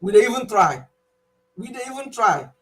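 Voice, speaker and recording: A woman's voice: fairly high pitch, moderate pace, poor audio. A woman from Nigeria with a Nigerian accent, whose first language is Igbo, hosting a casual health channel live stream, telling stories animatedly with frequent laughter. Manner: animated storytelling, laughs often, mixes in Igbo words.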